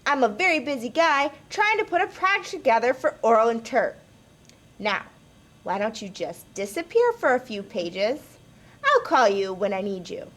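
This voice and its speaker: A woman's voice: a little high, very animated, normal speed, a bit bright. Woman playing Jack, a bossy, impatient narrator guy. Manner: impatient, interrupting. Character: bossy, busy young man narrator.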